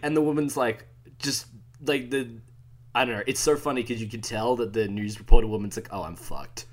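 A man's voice: mid-range voice, fairly even intonation, fairly quick. A man with an Australian accent co-hosting a podcast, telling rambling stories and swearing freely. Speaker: podcast co-host. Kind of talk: casual podcast chat.

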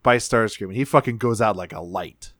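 A man's voice: lowish voice, brisk, a bit bright, no room sound, studio quality. A man co-hosting a podcast who talks casually and rambles, swears often, and acts out quotes while recapping a cartoon episode. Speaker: podcast co-host.

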